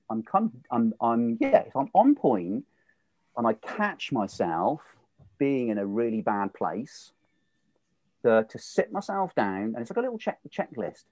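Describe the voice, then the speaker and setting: A man in a casual podcast chat, animated and laughing often, acting out the voices he quotes. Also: mid-range voice, dry recording, lo-fi sound. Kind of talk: casual conversation.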